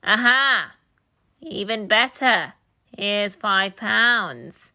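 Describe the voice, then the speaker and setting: A sly old thief boss, as a woman reads him aloud, drawling and sarcastic. His words come slow and stretched out. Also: on the high side, very animated, fairly bright tone, pitched above the performer's own voice, full character voice.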